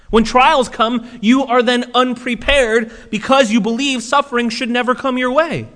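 Man, preacher, sermon, animated, acts out quotes, high-pitched, long reverb. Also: normal speed, hardly any pauses. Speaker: pastor.

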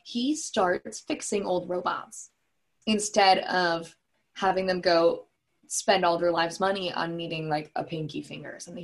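Young female host, breathy, chatty, jokey storyteller. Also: mid-range voice. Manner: chatty, jokey, lots of "like" and fillers. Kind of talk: casual movie recap.

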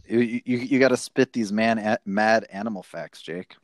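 A man's voice: lowish voice, moderate pace, no room sound. A young man hosting a casual gaming chat on a headset mic, upbeat and laughing often. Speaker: host. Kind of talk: casual chat while playing a game.

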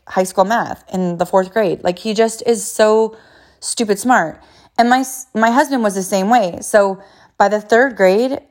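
A woman in her thirties, a mother telling a story about her sons to viewers in a chatty way, full of fillers and quoted voices. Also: fairly high pitch.

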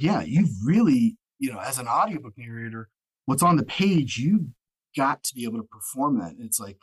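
A man's voice: mid-range voice, slightly rough, low-quality recording. A man who narrates audiobooks, talking as a guest in a casual, rambling way full of fillers. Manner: rambling, filler-heavy, restarts often. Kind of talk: casual podcast chat.

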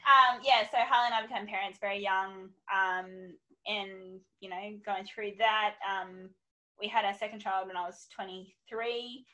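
A woman's voice: mid-range voice, steady tone, measured pace, bright, forceful tone, rough recording. A woman in her thirties, a podcast guest telling her story in candid, chatty talk full of ums and quoted asides. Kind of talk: casual podcast chat.

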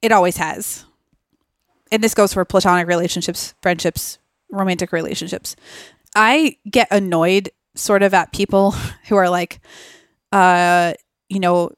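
A woman guest on a podcast talks in a relaxed, chatty way, circling her thoughts with lots of filler words. Her voice is smooth and clear, recorded close and dry with no room sound. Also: mid-range voice, moderate pace, dry recording. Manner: chatty, thinks aloud with many fillers. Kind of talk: casual conversational interview.

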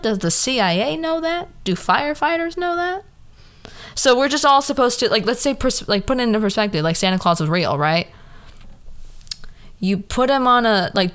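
Young woman, podcast host, casual comedic monologue, slangy, rhetorical questions, very lively pitch. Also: clear, resonant tone. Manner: chatty, rhetorical, full of slang and fillers.

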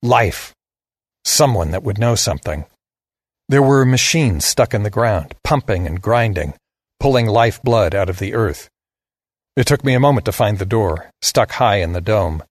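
A man narrating a first-person science fiction story in a measured, grave way. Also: fairly low pitch, slightly rough, dry recording, clean studio sound.

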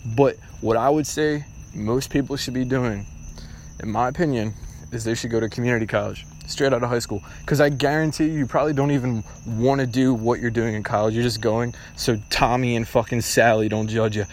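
A man's voice: medium pitch, fairly even intonation, a little fast, a little hiss or hum. A young man hosting a casual solo podcast, talking bluntly and ramblingly with lots of swearing. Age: young adult. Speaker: podcast host.

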